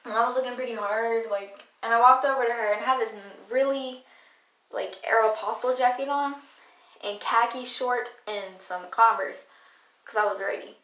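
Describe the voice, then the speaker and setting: A woman's voice: fairly high pitch, moderate pace, fairly bright tone. Young woman telling a blunt, profane story. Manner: blunt, profane, slangy retelling. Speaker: vlogger. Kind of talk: casual storytelling. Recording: echoey room.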